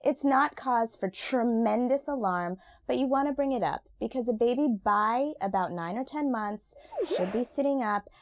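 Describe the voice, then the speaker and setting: A woman's voice: fairly high pitch, moderate pace, hardly any pauses. A woman speech-language pathologist explaining infant speech development in an emphatic, friendly chat. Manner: emphatic, says absolutely often. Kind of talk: expert explaining in casual chat.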